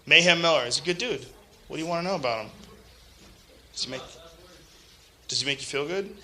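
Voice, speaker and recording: A man's voice: on the high side, expressive, fairly quick, noisy background. A man hosting a podcast in a casual, profane comedic rant, laughing and mocking other people's voices. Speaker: podcast host.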